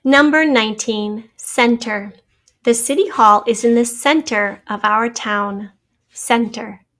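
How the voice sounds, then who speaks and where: A woman with a somewhat high voice, speaking as a teacher who reads out a spelling test. She goes through the answer key patiently, breaking each word into letters and sounds. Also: slow pace, fairly bright tone.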